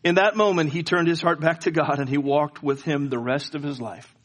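A pastor delivers a sermon in a somewhat high male voice. He tells a story and builds into fervent, pleading prayer-like appeals. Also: fairly even intonation, a little fast. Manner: storytelling preacher, rising to fervent pleas.

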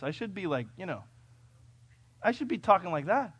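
A man from California preaching a sermon, reading scripture and telling stories, swinging between loud, urgent peaks and quiet, conversational asides. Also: high-pitched, big pitch swings, brisk, long pauses, breathy edge. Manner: conversational storytelling with fillers and restarts. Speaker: pastor.

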